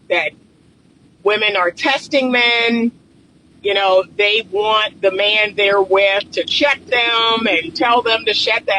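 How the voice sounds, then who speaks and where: A man's voice: high voice, sharp tone, slight background noise, low-quality recording. A man talking as a relationship coach in casual commentary from a car, chatty and emphatic, repeating his points to drive them home.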